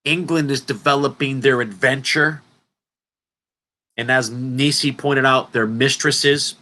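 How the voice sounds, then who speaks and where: A man's voice: medium pitch, steady tone, measured pace, pushed and bright. A man presenting an informal lecture, talking in an emphatic, rambling way and interrupting himself often.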